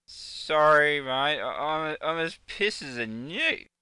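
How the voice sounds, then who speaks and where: A man's voice: a little high, expressive, slow, pushed and bright, smooth, no room sound, full character voice. A man with an Australian accent putting on a drunk bloke who slurs and stammers while turning down a drink. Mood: drunk protesting.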